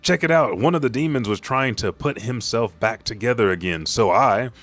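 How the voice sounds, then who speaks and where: A man voicing a fierce young female giant warrior in a high, shrill put-on voice. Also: moderate pace, fairly bright tone, close to an everyday voice. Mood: menacing.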